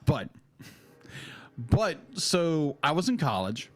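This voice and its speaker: A man in his thirties co-hosting a casual film review podcast, excitable and rambling as he tells stories. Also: a little high, takes it slowly. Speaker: podcast co-host.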